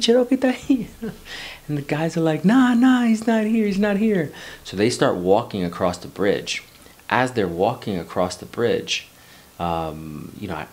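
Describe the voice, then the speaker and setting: A man in his forties from New York City telling a personal story in a loose, rambling way, swearing casually and drifting into life lessons. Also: deep voice. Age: 40s. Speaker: vlogger.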